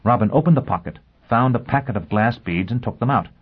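A man narrating a science fiction novel in a steady, even storytelling manner, on a dull lo-fi recording. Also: mid-range voice, quick pace, husky. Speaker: audiobook narrator. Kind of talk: scripted narration. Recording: dull lo-fi audio.

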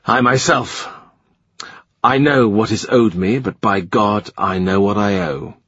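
A man reading the lines of a shrewd, dry-witted middle-aged statesman in a measured, wry way. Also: fairly low pitch, a bit bright, breathy edge, dry recording, exaggerated voice. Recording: slightly muffled dry recording.

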